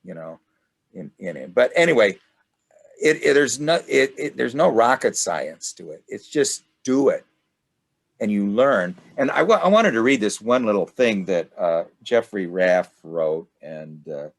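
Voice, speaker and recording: An older man leading a study group discussion, rambling and halting with many restarts. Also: lowish voice, very animated, vocal fry.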